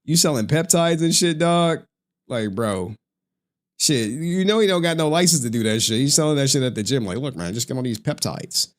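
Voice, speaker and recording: A man's voice: fairly high pitch, lively intonation, moderate pace. A man on a livestream ranting in a slangy, profane, trash-talking style, laughing often. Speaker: streamer.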